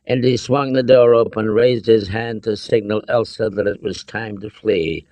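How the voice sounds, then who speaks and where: A man narrating an audiobook in a measured, deliberate way. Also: lowish voice, fairly even intonation, a little mellow, no echo, muffled recording. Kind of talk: scripted narration.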